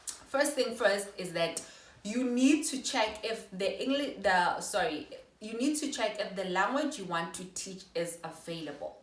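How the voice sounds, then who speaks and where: A woman's voice: medium pitch, expressive, a little slow, far from the mic. South African woman vlogging in an echoey room. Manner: chatty, apologetic self-corrections. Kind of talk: casual how-to explainer.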